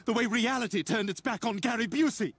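A man's voice: very high-pitched, fairly quick, a bit bright, slightly rough, no room sound, heavily acted. An actor voicing a haughty, scheming baby boy with a sardonic tongue in a cartoon. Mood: snide. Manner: sardonic, snide.

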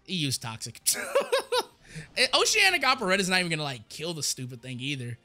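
A young man giving casual, rambling gameplay commentary, excitable and stammering as he repeats words. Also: a little high, very fast, faint music behind. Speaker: gaming YouTuber.

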